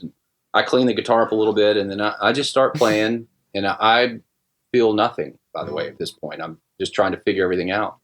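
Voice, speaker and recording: A middle-aged man telling a personal story in casual podcast talk, halting with many restarts and fillers. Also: lowish voice, a bit bright. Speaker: guest musician.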